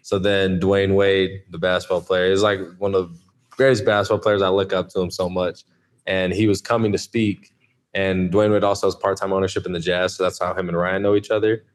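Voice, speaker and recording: A man in his twenties, a podcast guest, chatting in a relaxed way and often saying "like". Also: deep voice, fairly quick. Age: 20s. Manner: relaxed, lots of "like" fillers. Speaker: podcast guest, college athlete. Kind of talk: casual interview chat.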